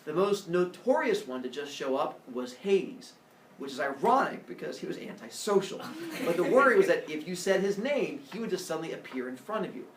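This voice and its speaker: A man's voice: a little high, big pitch swings, fairly quick, a crowd in the background. A man teaching a class, lecturing in a playful, joking way. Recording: echoey classroom from far off.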